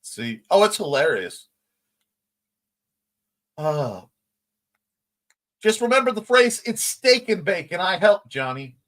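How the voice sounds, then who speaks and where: A man's voice: high voice, sing-song, slow, long pauses, fairly bright tone. A man hosting a casual livestream morning chat, reading viewer comments aloud and laughing along. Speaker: host.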